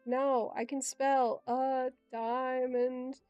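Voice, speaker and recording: A woman's voice: high voice, little pitch movement, warm tone, smooth, no echo, dull audio, soft background music. Giggly, chatty woman livestreamer. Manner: chatty, giggly, quick asides and playful exclamations. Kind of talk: casual rambling stream chat.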